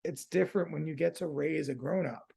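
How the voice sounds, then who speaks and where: A man's voice: on the high side, fairly quick, creaky, mellow, slightly rough. A man hosting a podcast in casual conversation, laid-back and slangy, swearing freely. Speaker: podcast host.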